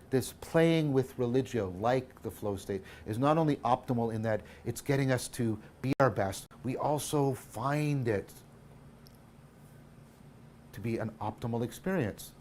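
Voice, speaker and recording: With a medium-pitched voice and a little hiss or hum behind it, a man lectures on philosophy while thinking aloud. He keeps correcting himself, caps points with "right?", and his loudness rises emphatically then drops to a hush.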